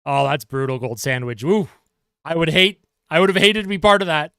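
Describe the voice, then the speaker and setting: A young man calling hockey play-by-play as a fan on a live stream, getting excited over the action and chatting with his viewers in between. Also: fairly high pitch, a little fast, clean tone, no room sound, studio quality. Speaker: livestream host and hockey fan commentator.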